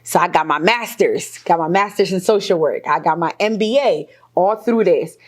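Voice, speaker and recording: A woman's voice: lowish voice, normal speed. A middle-aged woman, a guest in an interview, telling her own story with candid energy, laughing often. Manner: animated, laughs often, acts out quoted voices.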